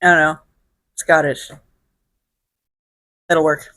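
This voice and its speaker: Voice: mid-range voice, a little slow, a bit bright, dry recording, studio quality. A host from Illinois, answering viewer questions in a casual solo vlog with blunt, profane, sardonic humor. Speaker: show host.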